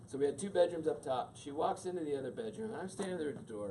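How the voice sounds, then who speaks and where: Animated man telling a story. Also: on the high side, very fast. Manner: animated, acts out the voices in his stories. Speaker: speaker. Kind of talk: storytelling talk to an audience. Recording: distant mic with steady noise.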